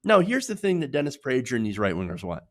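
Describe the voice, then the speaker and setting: A man hosting political commentary in a sarcastic, mocking, animated way. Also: mid-range voice, fast talker.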